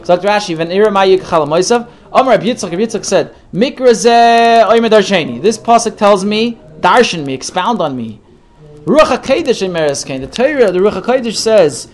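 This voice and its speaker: A man leading a text study class, reading each Hebrew phrase and then translating it. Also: high voice. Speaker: Torah teacher.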